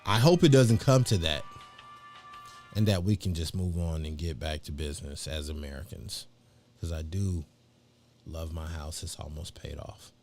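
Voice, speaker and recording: A man's voice: a bass voice, normal speed, darkish tone, soft background music. A middle-aged man hosting a live show, chatting in a rambling, slangy way with lots of fillers. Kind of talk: casual livestream chat.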